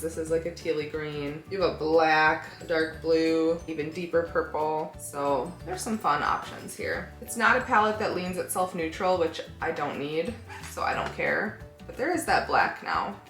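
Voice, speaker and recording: Low-voiced woman chatting through a makeup tutorial. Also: a bit bright. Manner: chatty, thinks aloud while working, hedging with "like" and "I don't know". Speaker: beauty vlogger. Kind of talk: casual makeup tutorial chat. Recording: echoey room with faint background music.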